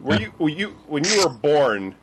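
A man hosting a casual chat, asking questions in a halting way with many fillers and restarts. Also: on the high side, sing-song, over a noisy crowd. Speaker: podcast host. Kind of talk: casual interviewing.

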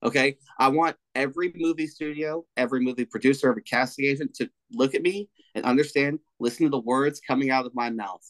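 A man's voice: medium pitch, fast talker, few pauses, no room sound, low-quality recording. A man co-hosting a podcast, chatting casually and emphatically, swearing freely as he makes his points. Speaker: podcast co-host. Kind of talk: casual chat.

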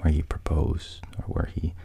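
A man's voice: moderate pace, dark tone. A man casually retelling a film's plot, quoting the characters in his own voice and often sinking to a whisper. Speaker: storyteller retelling a film plot.

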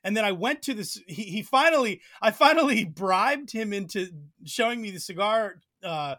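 Man from pennsylvania, podcast guest, high voice, chatty, lots of ums. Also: expressive, normal speed, pushed and bright. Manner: chatty, hesitant with many fillers, laughs easily. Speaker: guest, Bible teacher. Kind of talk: casual interview chat.

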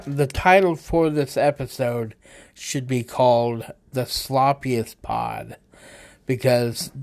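A man hosting a casual solo podcast, reading odd news stories in a loose, rambling way and stumbling over words. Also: medium pitch. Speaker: podcast host.

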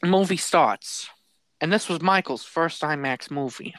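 A man co-hosting a podcast, telling a story in a casual, animated way, laughing and swearing as he goes. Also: on the high side, measured pace. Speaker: podcast co-host.

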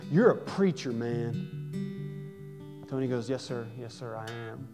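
A man of ordinary pitch delivers a sermon built around a retold story. His voice lifts and grows louder whenever he quotes the people in it. A faint guitar plays quietly behind him. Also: measured pace. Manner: animated retelling, voices rises for quoted lines. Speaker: pastor.

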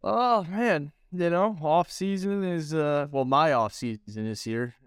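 A man who coaches and co-hosts chats casually, pausing often on ums and uhs. His voice is clear and smooth. It is recorded dry, with no room echo. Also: fairly high pitch. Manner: hesitant, many ums and uhs. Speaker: coach and podcast co-host. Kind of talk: casual chat.

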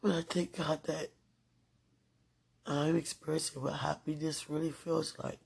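A woman podcaster giving a slow, earnest, deeply emotional devotional monologue. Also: level tone, vocal fry, a little mellow, husky.

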